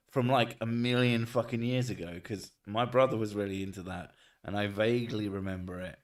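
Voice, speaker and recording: A man's voice: on the low side, fairly even intonation, moderate pace, recorded from a distance. A man streaming and chatting casually, joking, swearing and reading chat messages aloud.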